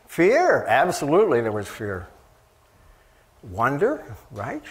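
A man preaching a sermon in a conversational way, asking the listeners questions and often pausing with fillers and restarts. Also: fairly high pitch, huge pitch swings.

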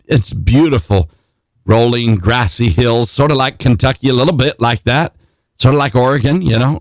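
A man preaching as a late-night radio pastor, fired up and exclamatory, with chatty asides and laughs between points. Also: dry recording. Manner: fired-up, exclamatory preaching with sudden pitch leaps. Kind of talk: late-night broadcast sermon.

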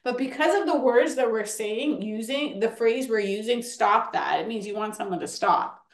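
Encouraging woman host for a kids' workshop, high voice, roomy echo. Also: moderate pace. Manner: encouraging, animated, counts kids in. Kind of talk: lively classroom-style teaching.

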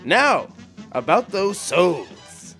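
A man's voice: high voice, very animated, soft background music, voice pushed up, exaggerated voice. A man reading a storybook intro aloud, voicing a sleazy devil casino boss in a hammy 1930s gangster style. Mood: gloating. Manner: loud, hammy, drawn-out threats.

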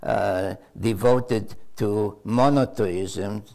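A man's voice: fairly low pitch, fairly even intonation, very slow, vocal fry, warm tone. An older male author giving an unscripted storytelling answer to a question, hesitant and full of uh fillers and repeated words.

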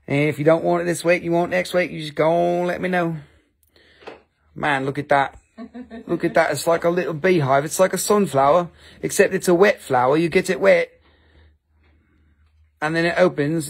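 A man's voice: a little high, gravelly. A man with an Appalachian accent hosting a live-stream sale, rambling, joking at his own expense and swearing freely. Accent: Appalachian American. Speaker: live-stream crystal seller. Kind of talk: casual live-selling chat.

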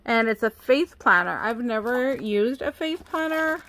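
A woman's voice: fairly high pitch, animated, measured pace, a bit bright, slight background noise. A young woman chatting casually as she unboxes craft supplies, cooing over each item. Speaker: craft vlogger.

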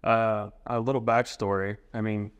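A man's voice: lowish voice, flat delivery, normal speed, smooth, muffled recording. A man in his twenties, a training client, chatting casually as a guest in an interview. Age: 20s. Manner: easygoing, rambling, many fillers and restarts.

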